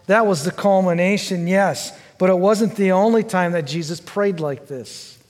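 A male pastor preaching a sermon, asking the congregation questions and swinging from fervent pleading to quiet, low reflection. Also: a little slow, few pauses, long reverb tail. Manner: earnest and questioning, rising to fervent pleading then dropping low.

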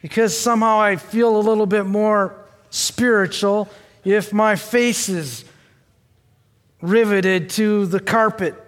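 A man's voice: high-pitched, fairly even intonation, slow. An older man preaching a sermon, telling a personal family story in a conversational way and addressing the congregation directly. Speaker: pastor. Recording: long hall reverb.

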